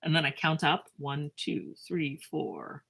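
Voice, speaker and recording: A woman teaching a math lesson in a chatty, self-mocking way, with lively asides and a drawn-out pace while she writes. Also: low-pitched, creaky, breathy edge.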